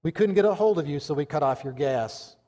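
A man voicing a cold male gas company clerk on the phone, flat and unsympathetic. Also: a little high, a little fast, natural voice. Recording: long reverb of a large hall.

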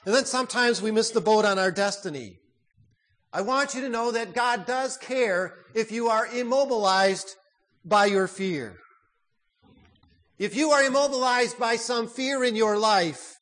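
A man preaching a sermon, swinging from loud emphatic peaks to hushed, quiet phrase endings. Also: sits high.

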